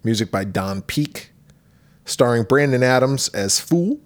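A man's voice: medium pitch, lively intonation, a little slow. A man in his forties chats through a horror film review, reading cast names and credits. His voice sits in a middle register and he drops swear words freely. His co-host's laughs sit between his lines. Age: 40s. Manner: reads cast lists, swears often, laughs. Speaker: podcast co-host. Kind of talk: casual movie review chat.

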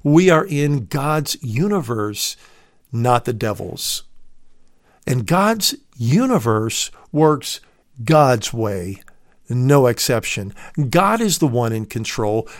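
A male radio preacher delivers a measured, unhurried sermon, rising sharply in pitch on the words he wants to stress. He speaks directly to his listeners as dear friends. The recording is dry and close, with no room sound. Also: very animated, no room sound. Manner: emphatic, swells on key words.

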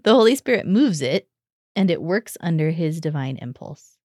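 A woman with a low-pitched voice, a religious sister co-hosting a spiritual discussion. She talks in an animated way, laughs readily and keeps checking in with her partner. The sound is dry and close. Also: moderate pace, no echo. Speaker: religious sister, podcast co-host. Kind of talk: conversational discussion.

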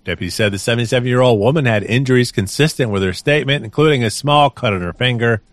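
Speaking fast in a mid-range voice on a dry recording, a man co-hosting a podcast reads out news items. He keeps it casual and amused, with plenty of chuckles.

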